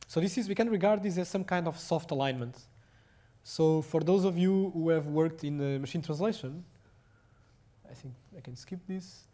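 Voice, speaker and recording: A young adult man with a Portuguese accent giving a technical lecture, speaking haltingly with many fillers and restarts. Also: on the high side, mellow.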